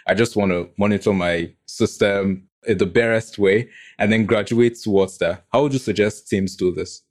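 A man with a low voice hosts a tech interview. He poses long questions, restarting and rewording them mid-sentence. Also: steady tone, normal speed. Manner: rambling, rephrases questions as he goes. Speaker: podcast co-host.

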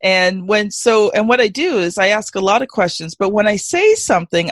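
A woman's voice: medium pitch, no echo. A woman hosting a podcast interview, chatty and affirming. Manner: chatty, affirming, quick to laugh. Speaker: podcast host.

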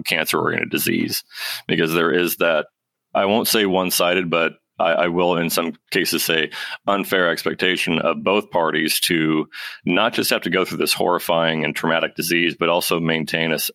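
Male podcast host, very low and bright-edged, earnest, plainspoken. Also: creaky, dry recording. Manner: casual slang. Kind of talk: casual podcast conversation.

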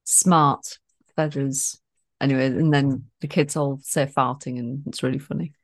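A woman's voice: a bass voice, fairly even intonation, a little slow. A middle-aged woman co-hosting a casual podcast, playful and teasing. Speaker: podcast co-host. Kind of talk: casual chat.

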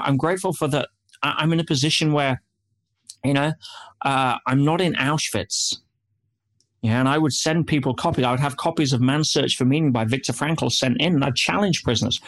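Animated man telling stories in an interview. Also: medium pitch, brisk. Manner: animated, drops in frequent "yeah"s and "you know"s. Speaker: guest. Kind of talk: interview storytelling.

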